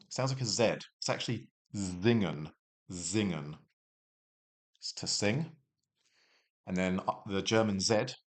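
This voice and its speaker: A young man with a low voice walks learners through a German lesson he recorded himself. He keeps it casual and chatty, drifting into rambling asides and poking fun at himself along the way. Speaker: German teacher.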